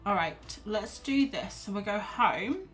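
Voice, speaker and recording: A woman chats casually through an art livestream at a middle pitch. She is self-deprecating and thinks out loud as she goes. Soft music plays faintly underneath. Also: expressive, takes it slowly. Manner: chatty, self-deprecating, thinks aloud while reading chat. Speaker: art streamer.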